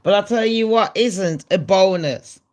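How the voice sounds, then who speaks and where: A middle-aged woman with a nasal voice, hosting a casual gossip vlog. She talks in a brash, sweary, chatty way at a middling pitch. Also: a little slow, noisy background. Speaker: gossip channel host.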